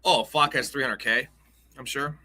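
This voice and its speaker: A man's voice: mid-range voice, fairly even intonation, normal speed, sharp tone. A young man hosting a casual live-stream show, joking and rambling through loose banter. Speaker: host.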